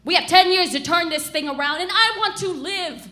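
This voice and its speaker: A woman acting an excitable young female climate scientist in a live comedy sketch, talking breathlessly. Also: very high-pitched, moderate pace, echoey room. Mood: passionate. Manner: breathless, gushing.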